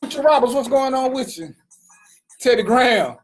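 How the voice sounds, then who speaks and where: A man's voice: extremely high pitch, expressive, normal speed, a little hiss or hum. A man hosting an internet radio talk show, slangy and casual, greeting viewers by name.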